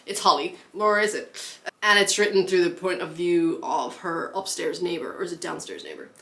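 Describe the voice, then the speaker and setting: Young adult woman, book vlogger, casual and chatty, full of fillers and quick laughs. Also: fairly low pitch, creaky, a bit bright.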